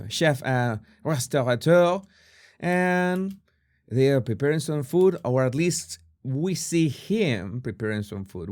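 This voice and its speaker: A man giving casual video commentary on body language. He talks in halting bursts and restarts his sentences often, with a dry, sarcastic edge. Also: medium pitch, a little mellow.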